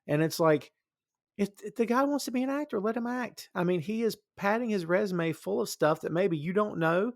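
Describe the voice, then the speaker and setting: A man's voice: high voice, lively intonation, moderate pace, no room sound, studio quality. A man with a Southern US accent hosting a podcast, chatting casually with many fillers and frequent laughs. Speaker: podcast host.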